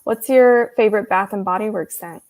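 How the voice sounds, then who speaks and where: This young host reads live chat during a casual livestream, chatty and giggly, rambling with plenty of "like"s. Her medium-pitched voice has a darkish tone and a moderate pace.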